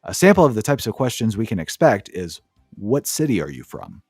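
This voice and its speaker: A man's voice: lowish voice, big pitch swings, a little fast, darkish tone, husky, dry recording, studio quality, soft background music. A man co-hosting a podcast, giving a sarcastic, profane play-by-play recap in casual chat. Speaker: podcast co-host.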